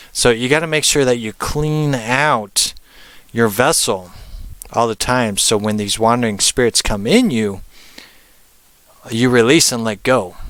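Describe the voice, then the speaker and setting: In a smooth, fairly bright voice with no echo, a man presents casually as a spiritual teacher, wandering through his points with lots of fillers and tag questions like "right?" and briefly putting on high voices for spirits.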